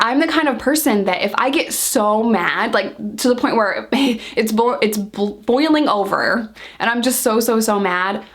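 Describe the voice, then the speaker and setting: A woman in her thirties casually telling a personal story to camera, blunt and heated, swearing freely. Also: mid-range voice.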